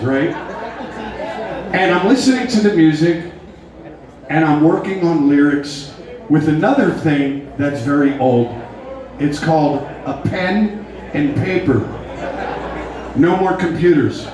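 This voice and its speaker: A middle-aged man, a rock singer, telling a story between songs at a live show in a joking, laid-back way, recorded from a distance in a large hall. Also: a little high. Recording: echoey hall, distant, with crowd noise.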